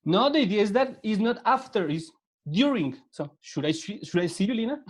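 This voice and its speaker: A man's voice: high voice, lively intonation, fairly quick. A man who speaks English with a Spanish accent, teaching an online class over a video call. He talks patiently, repeats words and gives step-by-step instructions. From Latin America.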